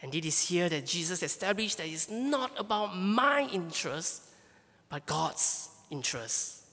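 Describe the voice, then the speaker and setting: Bright-voiced pastor preaching in an echoey hall. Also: mid-range voice, very animated, unhurried. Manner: earnest, emphatic, repeats phrases while searching for words. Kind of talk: sermon.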